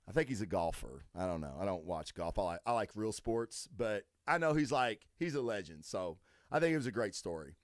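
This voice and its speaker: Profane animated podcast host, man. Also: fairly quick, dry recording, clean studio sound. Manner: profane, emphatic, swings from low mutters to loud high bursts. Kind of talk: casual solo podcast rant.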